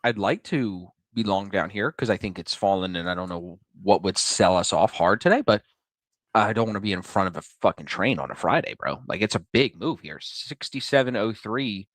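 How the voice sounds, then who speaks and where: Male stream host, low register, dry room, loose joking delivery. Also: moderate pace, no room sound. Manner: loose, joking, swears freely. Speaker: day trading stream host. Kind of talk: casual live-stream chat.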